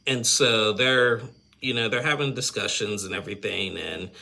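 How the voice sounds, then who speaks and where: A low-pitched man with a gravelly, husky edge talks through a reality show recap. He rambles and piles on fillers, tossing in blunt opinions and chuckles. His tone has a bright, sharp bite. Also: moderate pace. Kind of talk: casual episode recap commentary.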